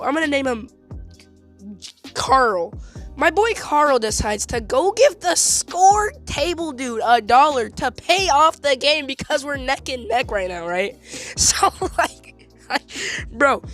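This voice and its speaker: A teenage boy telling a story in a casual, animated, slangy way, often laughing mid-sentence. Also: extremely high pitch. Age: teens.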